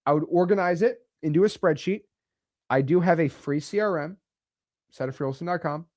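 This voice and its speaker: In a dry, studio-quality recording, an American man with a higher, darkish-toned voice speaks a little fast. He coaches real estate wholesaling to camera in a casual, blunt, emphatic, chatty manner with slangy asides.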